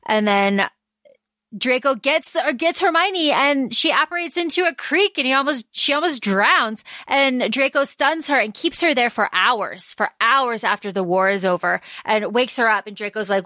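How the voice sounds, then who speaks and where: A woman co-hosting a podcast, excitedly recapping a story in casual chat and swearing freely. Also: fairly high pitch, moderate pace, no room sound. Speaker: podcast co-host.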